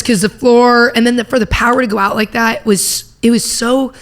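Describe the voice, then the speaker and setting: A woman's voice: fairly high pitch, moderate pace. A young woman from Indiana, a comedian telling stories in casual chat and acting out the people in them. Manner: animated storytelling with acted-out quotes. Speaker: comedian guest.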